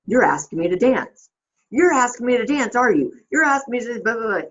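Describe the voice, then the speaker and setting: A woman voicing a cocky, combative male athlete with a defiant, high-pitched edge. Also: very animated, a little fast, a bit bright, highs cut off. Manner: defiant, giving attitude.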